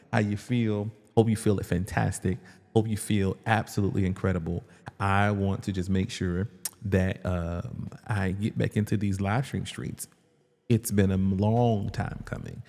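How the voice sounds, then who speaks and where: A man hosting a casual live stream, greeting the chat and talking about his ministry and business in relaxed slang. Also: deep voice, creaky, in a large hall. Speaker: livestream host, ministry leader.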